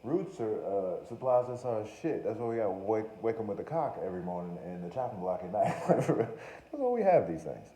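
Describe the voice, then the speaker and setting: A man's voice: on the low side, sing-song, a little fast, dark tone. A man hosting a podcast, riffing in a rambling, profane, joking monologue, often breaking off to say he is only playing. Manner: profane, joking, self-interrupting. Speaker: podcast host. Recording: roomy echo with faint room noise.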